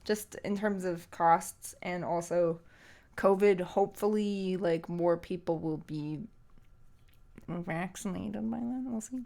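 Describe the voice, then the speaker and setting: A woman's voice: fairly low pitch, slow, vocal fry, mellow. A young woman streamer chatting casually with her viewers, emotional and teary, rambling with many fillers. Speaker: streamer and singer. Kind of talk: casual live-stream chat.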